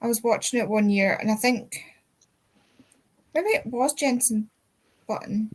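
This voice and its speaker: A woman's voice: a little high, measured pace. Scottish woman telling rambling stories. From Scotland. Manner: rambling anecdotal storyteller, casual swearing. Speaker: readathon livestream host. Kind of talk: casual chat.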